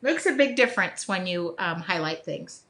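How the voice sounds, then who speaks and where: A woman with a slightly low voice runs a casual live drawing class from her home studio. She chats as she works, upbeat and self-deprecating, thinking out loud about each stroke. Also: expressive, moderate pace. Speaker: art teacher hosting a live drawing session.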